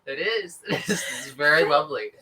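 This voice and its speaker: A woman's voice: low voice, lively intonation, moderate pace, crowd noise, rough recording. A woman playing a nervous but cheeky young new employee in her own plain voice.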